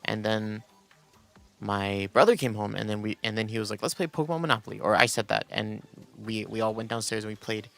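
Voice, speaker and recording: A man's voice: on the low side, level tone, moderate pace, vocal fry, fairly bright tone. A young man streaming and chatting casually, rambling with lots of restarts and quoted asides. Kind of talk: casual chat.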